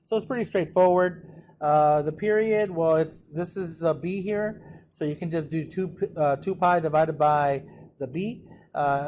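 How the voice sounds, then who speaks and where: Man, math teacher, slightly high voice, easygoing problem walkthrough, faint background hiss. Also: a little mellow. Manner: casual, thinks aloud while working problems. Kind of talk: recorded exam walkthrough.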